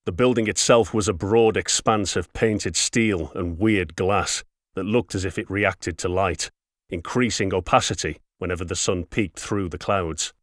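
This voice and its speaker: A man narrating a science fiction audiobook in a steady, wry storytelling manner. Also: sits low, measured pace, no echo, studio quality. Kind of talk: scripted narration.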